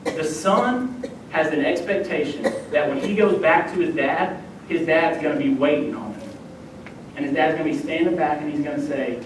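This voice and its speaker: A young man, a youth minister preaching a sermon and telling a personal story, acting out the voices he quotes. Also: moderate pace. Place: church sanctuary. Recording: echoey church hall, distant mic, faint rumble.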